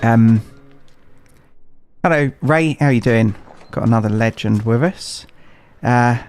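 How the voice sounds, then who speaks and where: A man streaming a game from his home setup, chatting loosely with viewers while he plays. He rambles, pausing often on filler words, in a voice of ordinary middle pitch, caught on a desk streaming mic. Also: darkish tone, smooth, faint music behind. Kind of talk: casual live-stream chat while gaming.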